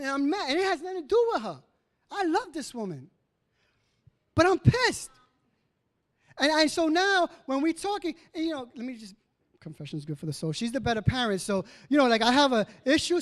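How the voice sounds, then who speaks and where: A middle-aged male pastor giving a casual, animated sermon, acting out quoted asides. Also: extremely high pitch.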